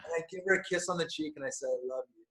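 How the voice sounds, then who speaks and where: A man guest on a podcast, telling a personal story with animated energy and frequent laughs, dropping to hushed tones for quoted lines. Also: fairly high pitch, rapid-fire. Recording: roomy echo.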